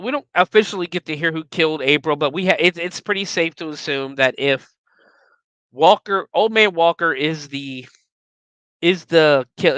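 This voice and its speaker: Podcast host, casual movie recap, profane and ranting, sharp forceful tone, dry close recording. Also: medium pitch, dry recording.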